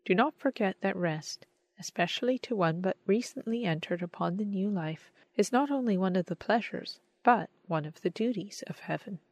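A woman reading the part of a kindly, wise man who gently explains things to a newcomer, in a calm, measured storybook manner. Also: mid-range voice, no echo, lightly acted. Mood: gentle.

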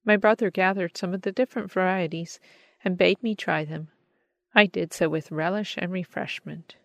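A woman reading a story aloud as narrator, in a measured, expressive storytelling manner. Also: fairly low pitch, vocal fry, no room sound. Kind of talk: scripted audiobook narration.

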